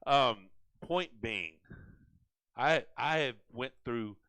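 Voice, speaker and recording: A man hosting a casual live chat, animated and rambling with frequent restarts. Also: mid-range voice, extremely slow, smooth, no room sound, rough recording. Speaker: host.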